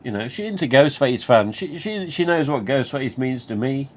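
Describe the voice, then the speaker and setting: A man's voice: mid-range voice, expressive, normal speed. A man with a Nottingham accent, hosting a live stream and casually telling a rambling, sweary story with restarts. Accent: Nottingham English. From England.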